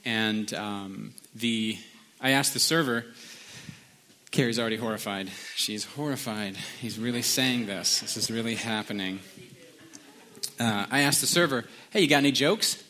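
A man's voice: lowish voice, measured pace, bright, forceful tone. A middle-aged man preaching as a pastor, telling a story in a chatty, self-deprecating way with lots of fillers. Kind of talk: casual sermon with anecdotes.

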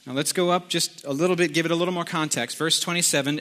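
Middle-aged male pastor, relaxed storyteller, slightly higher than usual voice. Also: quick pace, few pauses. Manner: loose, conversational storytelling with fillers. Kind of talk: sermon with opening joke.

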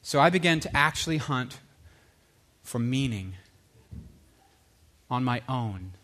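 A man giving an earnest personal testimony, animated at times and dropping low and quiet for emphasis. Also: takes it slowly. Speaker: speaker sharing his faith story.

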